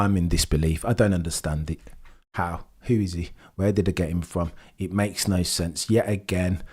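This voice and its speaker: A young man doing live reaction commentary for his stream chat, swinging between excited shouts and low, disbelieving muttering. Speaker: livestream watchalong commentator.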